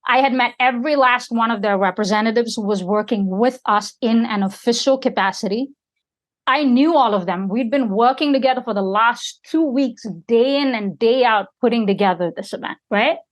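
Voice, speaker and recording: A woman with a fairly high voice at normal speed appears as a podcast guest and community organizer. She tells a story emphatically and often checks in with her listeners.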